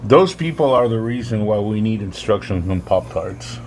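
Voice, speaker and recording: A man's voice: fairly low pitch, lively intonation, moderate pace, crowd noise, poor audio. A man in his forties with a parent's life, chatting laid-back on a podcast and swearing casually. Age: 40s. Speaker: podcast co-host. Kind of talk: casual chat.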